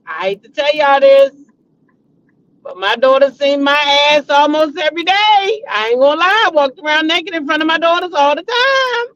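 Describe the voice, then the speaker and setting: A middle-aged woman holds forth in a chatty gossip vlog, swinging into dramatic outbursts as she talks straight to her viewers. Her delivery is animated and familiar. The recording sounds dull and lo-fi. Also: high-pitched, normal speed. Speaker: vlogger, show host. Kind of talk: casual celebrity gossip chat.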